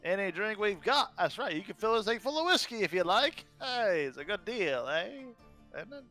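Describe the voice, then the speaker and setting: A man voicing a chatty male goblin tavern keeper with a mafioso swagger, ending his pitches with "eh?". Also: very animated, moderate pace, bright, forceful tone, soft background music, exaggerated voice. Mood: salesy. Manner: chatty salesman patter, tags "eh?".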